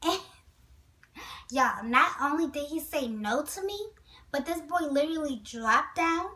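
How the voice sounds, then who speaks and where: A high-voiced woman vlogger tells a storytime in a chatty, animated way. She breaks off often to speak straight to her viewers. The mic sits a little away from her. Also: unhurried, recorded from a distance, low-quality recording. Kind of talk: storytime vlog.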